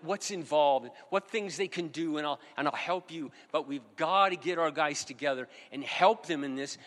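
A man's voice: fairly high pitch, a bit bright. A middle-aged pastor preaching a sermon, earnest and emphatic, repeating his key phrases. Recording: long hall reverb.

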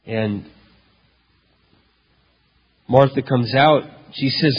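A male pastor preaching a sermon, telling a story dramatically, with loud emphatic peaks and hushed low passages. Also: expressive, unhurried, long pauses, breathy edge. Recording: dull lo-fi recording in a reverberant hall.

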